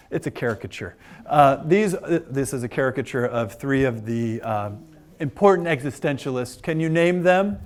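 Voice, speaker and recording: Chatty joking male lecturer. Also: on the high side. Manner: chatty, joking, frequent fillers and laughs. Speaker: philosophy lecturer. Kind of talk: informal classroom lecture. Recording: lecture room.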